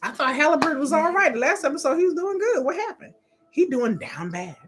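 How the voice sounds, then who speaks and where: A woman's voice: high-pitched, sing-song, fairly quick, a little hiss or hum. A woman hosting a live watch-along, chatting candidly, swearing freely and laughing often. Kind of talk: casual reaction commentary.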